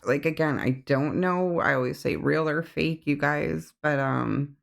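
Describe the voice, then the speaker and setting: Man, casual rambling talk, very gravelly, slightly high voice. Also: measured pace, a bit bright. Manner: rambling, many fillers.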